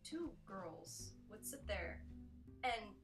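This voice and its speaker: A woman's voice: medium pitch, lively intonation, drawn-out words, distant mic. A young woman doing a sarcastic comic countdown monologue, slipping in mocking impressions. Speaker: comedy vlogger. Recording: echoey room with faint music.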